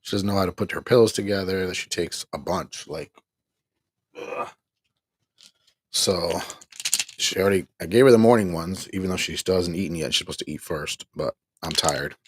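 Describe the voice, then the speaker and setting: A middle-aged man hosting a livestream, talking in a weary, exasperated way with a husky voice and rueful laughs while he reads the chat. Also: low-pitched, moderate pace, no echo. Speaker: livestream host. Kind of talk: venting on a livestream, reading chat.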